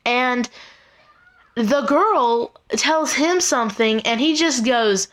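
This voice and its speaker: Teenage girl vlogger, high voice, rambling exasperated storyteller with lots of "like" and "um". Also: slow pace, fairly bright tone. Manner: rambling, exasperated retelling full of "like" and "um". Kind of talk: casual storytelling.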